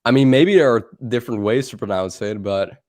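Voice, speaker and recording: A man's voice: on the low side, fairly quick, a little mellow. A young man with a Dutch accent, chatting loosely on a livestream, laughing and swearing as he rambles. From Netherlands. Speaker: livestream co-host. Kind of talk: casual livestream chat.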